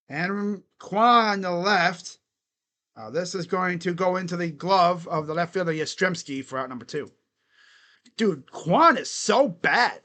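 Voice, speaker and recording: A man's voice: sits high, animated, measured pace, bright, forceful tone. A young man doing casual live play-by-play of a baseball game, chatty and given to chanting and laughing. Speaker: live reaction play-by-play host.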